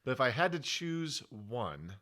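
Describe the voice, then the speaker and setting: A man's voice: medium pitch, very animated, unhurried, pushed and bright. A man hosting a podcast, chatting casually and laughing a lot, with a stutter on certain words. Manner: laughs a lot, playful banter. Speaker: podcast host. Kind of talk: casual chat.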